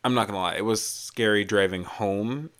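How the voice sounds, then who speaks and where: A man's voice: fairly low pitch, moderate pace, fairly bright tone, dry recording, clean studio sound. A man co-hosting a casual podcast chat in a laid-back, teasing way. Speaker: podcast co-host.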